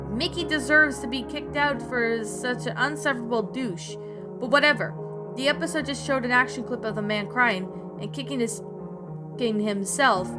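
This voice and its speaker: A woman narrating a creepypasta and then reviewing it in a rambling, self-correcting way. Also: fairly high pitch.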